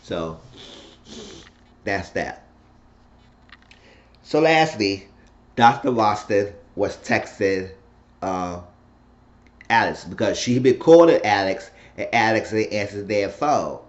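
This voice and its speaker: A man's voice: fairly low pitch, animated, slow pace, pauses often. A man casually recapping a TV episode in a rambling, profane way, often slipping into the characters' lines. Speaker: TV recap reviewer. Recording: slightly dull lo-fi recording.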